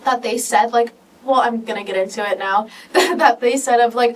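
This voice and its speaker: A woman's voice: fairly high pitch, normal speed, recorded from a distance, low-quality recording. A teenage girl talking casually on a podcast, telling personal stories in an emotional, rambling way full of "like.". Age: teens. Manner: emotional, rambling storytelling with many "like"s. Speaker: podcast co-host.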